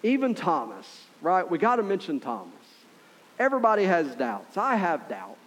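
A middle-aged male pastor preaching a sermon in a conversational, earnest way, often checking in with listeners with quick asides. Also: high-pitched, huge pitch swings, fairly bright tone.

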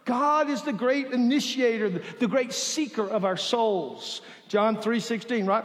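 High-voiced pastor in a reverberant hall. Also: male voice. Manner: preaching with dramatic pauses and soft, drawn-out emphasis. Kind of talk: sermon. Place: church sanctuary.

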